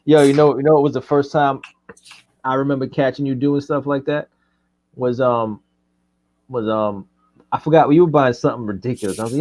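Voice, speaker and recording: A man's voice: medium pitch, fairly even intonation, fairly quick, pauses often, darkish tone, dry recording, muffled recording. A man co-hosting a casual live chat, telling rambling stories and laughing often. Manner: loose, joking storyteller, laughs often. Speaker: co-host.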